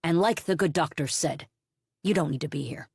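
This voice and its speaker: A woman's voice: low voice, normal speed, darkish tone, breathy edge, no echo, clean studio sound. A woman voicing a brusque male police captain in an audiobook, curt and commanding. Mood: stern.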